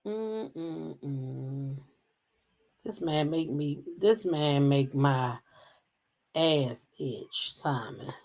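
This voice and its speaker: A woman's voice: low voice, expressive, very slow, vocal fry, darkish tone. Gossip host, woman; profane, sassy, heated unscripted commentary.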